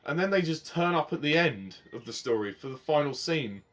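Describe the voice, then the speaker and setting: A man giving a casual spoken review of a TV series, passionate and rambling, swinging between heated outbursts and softer reflective stretches. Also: on the high side, animated, fairly quick.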